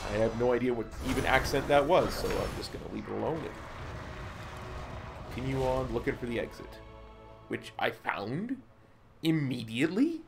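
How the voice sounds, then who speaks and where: A man's voice: mid-range voice, expressive, normal speed, gravelly, pauses often, music in the background. A man giving playful, jokey commentary while he streams a game. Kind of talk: casual gameplay commentary.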